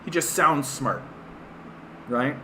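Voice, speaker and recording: Canadian male streamer, bright voice, scornful filler-heavy rant. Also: on the high side, expressive, takes it slowly, a little hiss or hum. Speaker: livestream host. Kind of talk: ranting political commentary.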